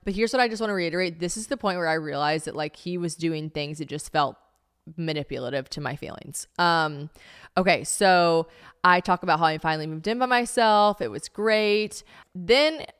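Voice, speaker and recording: Young woman podcast host, slightly low voice, chatty and rambling, peppers everything with "like". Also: normal speed, a bit bright, clear, resonant tone. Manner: chatty, rambling, heavy use of "like", self-mocking asides. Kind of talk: casual solo podcast, reading old diary aloud.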